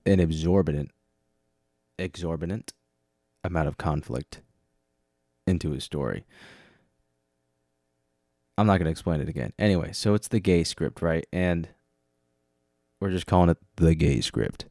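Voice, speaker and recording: Male solo podcast host, deep voice, dry close sound, tired and rambling, pokes fun at himself. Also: normal speed, pauses often, darkish tone, no echo. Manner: rambling and self-mocking. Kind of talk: casual solo monologue.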